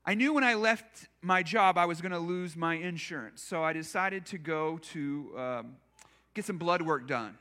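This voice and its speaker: A man's voice: a little high, moderate pace, pushed and bright. A male pastor preaching a sermon in a church, telling personal stories in a conversational, self-deprecating way. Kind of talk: storytelling sermon.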